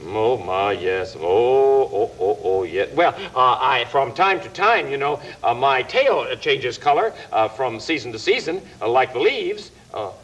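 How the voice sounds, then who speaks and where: A man's voice: mid-range voice, lively intonation, measured pace, hardly any pauses, fairly bright tone, muffled recording, voice pushed down. A man doing a dithering prim old-fashioned rabbit. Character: prim, fussy male rabbit puppet.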